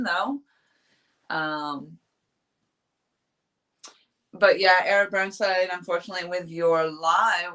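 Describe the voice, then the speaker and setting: A woman from New Hampshire with a bright, forceful voice talks her way through a casual live stream. She rambles, restarts her sentences and laughs often while reading viewers' chat as a fishing vlogger. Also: deep voice.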